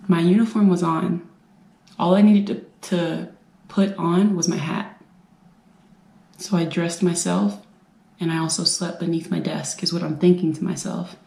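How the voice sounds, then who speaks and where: A woman from the United States telling her own survivor story in an earnest, halting way, repeating phrases for emphasis. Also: on the low side, steady tone, vocal fry, mellow. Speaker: brain injury survivor and veteran speaker. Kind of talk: personal storytelling talk. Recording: roomy echo.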